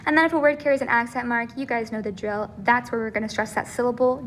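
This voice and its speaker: A Spanish teacher with a fairly high voice explains grammar step by step in a recorded lesson, speaking a little fast. She checks in often with "okay?" and "right?", and there's slight background noise.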